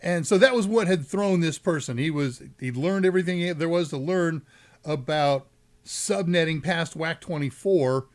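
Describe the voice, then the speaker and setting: A man's voice: a little high, moderate pace. A man with a Texan accent hosting a live tech Q&A stream, talking in a rambling, jokey way with asides and self-corrections. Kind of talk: casual live-stream chat.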